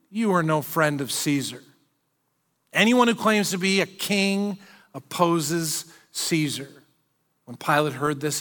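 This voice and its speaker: High-voiced pastor preaching in a hall. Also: male voice. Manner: animated, acts out quoted speech. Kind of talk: sermon.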